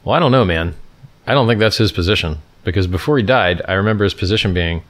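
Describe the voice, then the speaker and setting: A man's voice: deep voice, animated, quick pace, fairly bright tone. A middle-aged man hosting a livestream, reading out and answering chat questions in a blunt, offhand, casual way. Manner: blunt, offhand, lots of "like" and "dude".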